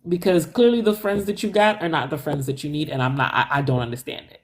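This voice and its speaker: A woman of Haitian heritage speaking as a live-stream panelist, ranting in an animated, emphatic way. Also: quick pace, slight background noise. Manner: animated, emphatic, rants with big pitch jumps. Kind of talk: casual chat.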